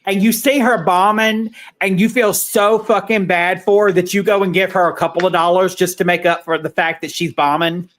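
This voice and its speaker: A man's voice: high-pitched, fairly even intonation, normal speed, few pauses, fairly bright tone. A man co-hosting a casual podcast, talking in a rambling, blunt way and swearing freely. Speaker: podcast co-host. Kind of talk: casual chat.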